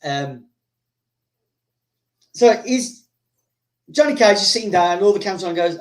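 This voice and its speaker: A man's voice: sits high, animated, moderate pace, long pauses. Man rambling through a story. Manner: rambling, full of fillers, acts out characters. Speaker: host. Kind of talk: casual storytelling.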